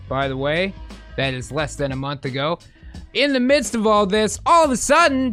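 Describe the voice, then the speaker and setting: A man's voice: high voice, sharp tone. A man hosting a podcast, giving casual political commentary in a profane, sarcastic, joking way. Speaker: podcast host.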